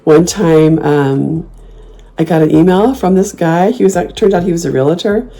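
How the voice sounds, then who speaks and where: A woman hosting a casual chat, telling stories in a sassy, animated way, often laughing and jumping into loud, high mock comebacks. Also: moderate pace, creaky. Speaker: host.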